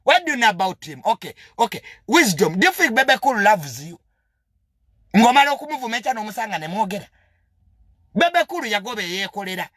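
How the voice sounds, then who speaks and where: A man's voice: high-pitched, very animated, fairly quick, bright, forceful tone, no room sound, studio quality. A young man with a Ugandan accent, a media personality delivering a defiant, indignant rant that switches between two languages. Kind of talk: heated monologue.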